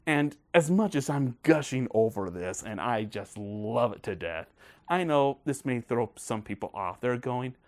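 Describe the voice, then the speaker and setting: A man hosting a casual film review video, talking in a gushing, excited way. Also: medium pitch, measured pace.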